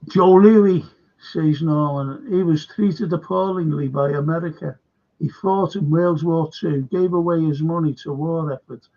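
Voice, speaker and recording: A man's voice: fairly high pitch, vocal fry, dark tone. An older man hosting a live stream, rambling through viewer comments in a casual chat and losing his train of thought. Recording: dull lo-fi stream audio.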